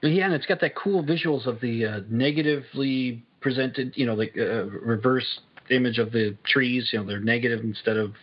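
A man's voice: medium pitch, normal speed, hardly any pauses, breathy edge. A man on a casual podcast roundtable, easygoing and cracking jokes. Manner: joking, easygoing interjections. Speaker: podcast panelist. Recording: dull lo-fi podcast audio.

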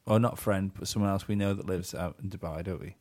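A man's voice: sits low, fairly even intonation, fast talker, a little mellow. Teasing, sweary male comedy host. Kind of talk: casual comedy chat.

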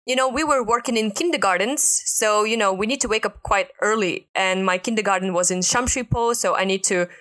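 Young woman, mid-pitched, chatty podcast co-host with a storytelling bent and plenty of laughs. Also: fairly quick, few pauses, fairly bright tone. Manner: chatty storyteller, laughs often, frequent "like" and "you know". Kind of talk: casual chat.

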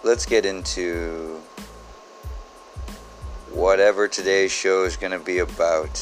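Slow, very low-voiced deadpan man. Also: soft background music, poor audio. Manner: absurd, deadpan, digressive. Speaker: podcast host. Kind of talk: rambling comedic monologue.

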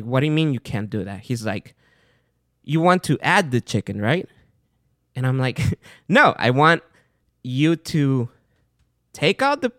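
Man, casual host monologue, mid-pitched, animated storytelling, dry close recording. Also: clean tone, no echo. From outside the United States. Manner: animated, chatty, with fillers and retold dialogue. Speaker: podcast host.

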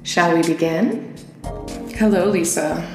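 Woman podcast host, playful and teasing, lowish voice, echoey room with faint music. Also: fairly even intonation, slow. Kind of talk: casual interview.

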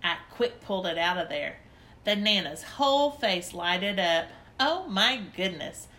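A woman's voice: on the low side, lively intonation, a little slow, pushed and bright. A woman narrating a children's story in first person, in a chatty, childlike little-girl voice. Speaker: audiobook narrator.

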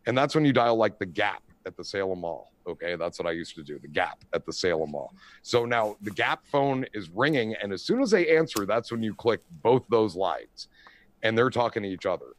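A middle-aged man telling prank stories in casual chat, animated and profane, often asking "you know what I mean". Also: fairly low pitch, no room sound.

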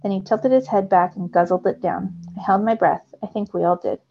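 A teacher reading a novel aloud to her students in a steady first-person storytelling manner. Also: medium pitch, brisk, gravelly, slightly rough. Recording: slightly dull lo-fi recording.

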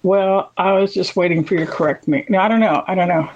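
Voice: mid-range voice, fast talker, darkish tone, lo-fi sound. A podcast co-host chatting casually, rambling with many fillers and restarts. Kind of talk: casual chat.

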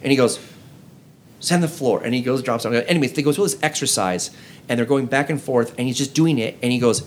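On a laid-back podcast with friends, this co-host has a mid-range voice and a quick pace, with a little hiss or hum audible. He tells stories sincerely and brings quoted lines to life by acting them out.

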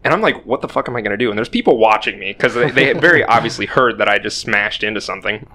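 A man's voice: on the low side, expressive, fast talker, bright, forceful tone. A young man telling a rambling, self-deprecating story in casual podcast chat, swearing freely. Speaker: podcast co-host.

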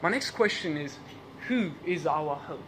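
A man's voice: fairly high pitch, expressive, a little slow, a bit bright, a little hiss or hum. A man preaching a sermon in a church service, with English as his second language, asking repeated questions and laughing at his own asides. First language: not English.

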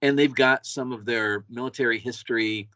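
A man's voice: mid-range voice, steady tone, moderate pace, bright, forceful tone, no echo. A man co-hosting a podcast, chatting casually and enthusiastically, often repeating words as he goes. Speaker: podcast co-host. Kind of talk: casual chat.

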